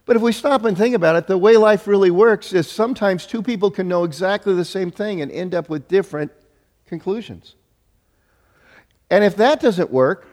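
A middle-aged male pastor preaching a sermon, telling self-deprecating stories in an animated way with frequent restarts. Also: high voice. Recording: long reverb of a hall.

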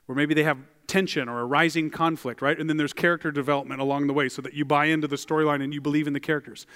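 A man preaching a sermon as a pastor, animated and acting out the voices of the people in the story. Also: fairly high pitch, long reverb tail. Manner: animated, acts out voices of biblical figures. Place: church.

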